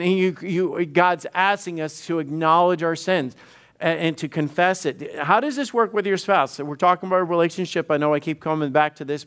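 A man's voice: a little high, fairly bright tone, smooth. A middle-aged male pastor preaching conversationally, often repeating words and acting out quoted dialogue. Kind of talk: sermon.

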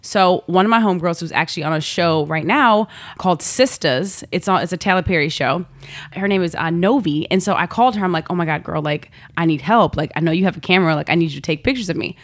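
Woman guest, slightly low voice, chatty and animated, slang-heavy storyteller. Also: fast. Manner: animated, slangy, laughs often, quotes herself. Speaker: guest, model. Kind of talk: casual storytelling chat.

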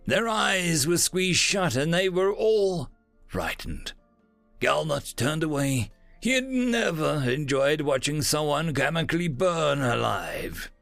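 A man reads a science-fiction story aloud with a gravelly, rough edge and a lively, rising-and-falling delivery. The recording is dry and close, with soft music underneath. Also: a little high, takes it slowly, no room sound. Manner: animated storytelling. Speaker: narrator. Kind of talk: scripted story narration.

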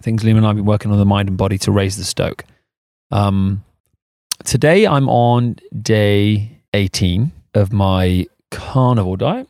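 A man co-hosting a podcast, chatting casually with jokey banter and laughing often, and leading a slow breathing exercise. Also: on the low side, darkish tone, no echo, studio quality. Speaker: podcast co-host. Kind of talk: casual chat and guided breathing.

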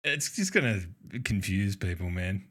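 A man's voice: sits low, big pitch swings, a little slow, fairly bright tone. A man co-hosting a podcast in casual chat, laughing often and swearing freely. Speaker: podcast co-host.

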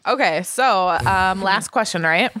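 A woman's voice: medium pitch, a little slow, pushed and bright. A young woman co-hosting a podcast, chatting candidly and giggling. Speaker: podcast co-host. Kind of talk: casual chat.

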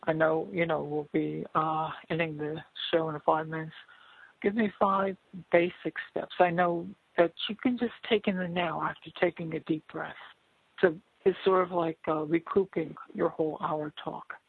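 A host losing their voice, talking in a halting way with many fillers and throat clearing. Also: medium pitch, fairly even intonation, dry recording, narrow, tinny audio. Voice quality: gravelly. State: hoarse, losing voice. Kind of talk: casual talk show interview.

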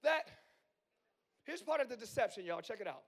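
Man, pastor, 40s, very high voice, hoarse, quiet musing to yelling, live sermon. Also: big pitch swings, moderate pace. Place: church sanctuary.

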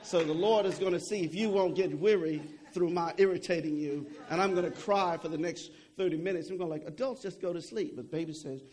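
Conversational preacher with a higher voice. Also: male voice, a little fast, hardly any pauses, a little mellow, a little hiss or hum. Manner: conversational preaching, frequent "okay?" and repeated words. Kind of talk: sermon.

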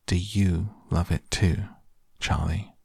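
Willy Wonka, a deep gravelly chocolate maker, as a man reads him. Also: steady tone, takes it slowly, warm tone, no echo, studio quality, full character voice. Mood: earnest. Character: eccentric cheerful male chocolate maker.

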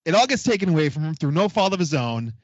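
A man's voice: fairly high pitch, big pitch swings, fast talker, no room sound. A man from New England with its accent, co-hosting a podcast in wry, joking casual chat. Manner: wry, joking, laughs through remarks. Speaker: podcast co-host. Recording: dry, dull lo-fi mic.

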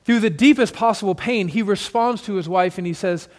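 A male pastor preaching a sermon to his church, shifting dramatically between loud emphasis and hushed, soft passages. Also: sits high, brisk, few pauses, in a large hall. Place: church sanctuary with congregation.

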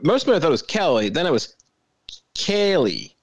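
A man's voice: fairly high pitch, big pitch swings, brisk, dry recording. A man on a podcast keeps joking and teasing about the film. His mid-range voice bounces around a lot, and the sound is dry and close. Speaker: podcast co-host. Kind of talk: casual movie-review chat.

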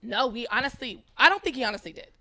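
A woman's voice: fairly high pitch, fast. A woman podcast host telling a wild story in casual, profane chat, acting out the people in it. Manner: animated, profane, acts out voices.

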